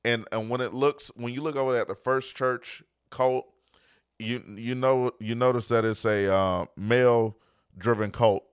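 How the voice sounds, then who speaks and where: A male pastor hosting his podcast in a preaching style. His voice sits at an ordinary middle pitch, recorded dry with no room around it. He hammers points home by repeating lines, then settles quieter when he tells a story. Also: fairly even intonation, measured pace, clean tone, dry recording. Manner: emphatic, repeats phrases for stress.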